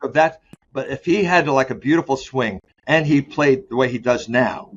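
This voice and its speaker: A man being interviewed as a sport psychologist, talking candidly and loosely, often restarting his sentences and slowing down to stress key words. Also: mid-range voice. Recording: dull lo-fi sound.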